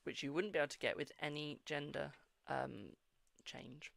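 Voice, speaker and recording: A man's voice: on the high side, steady tone, normal speed, creaky, fairly bright tone, dry recording, studio quality. A British man hosting a live-stream tarot reading, affectionate and repetitive, who keeps calling viewers "my darling". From United Kingdom. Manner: affectionate, repeats phrases, calls viewers "my darling" and "boo".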